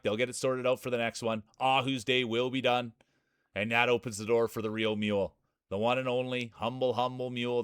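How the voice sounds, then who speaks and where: A man's voice: medium pitch, a bit bright, clear, resonant tone, no room sound, studio quality. A man hosting a live stream, calling marble races with playful jokes and hype. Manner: playful, joking, hype-building. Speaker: streamer and race commentator.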